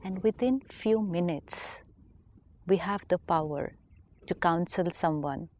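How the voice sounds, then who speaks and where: A woman speaking as a spiritual teacher, explaining patiently and gently persuading in a calm dialogue. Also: on the low side, slow pace. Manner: patient, gently persuasive, acts out inner thoughts.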